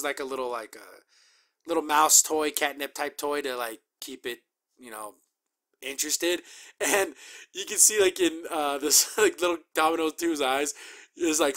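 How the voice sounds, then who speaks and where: A man casually recapping and reacting to a cartoon episode, chatty and upbeat, acting out quick character quotes. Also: a little high, pushed and bright. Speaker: show reviewer.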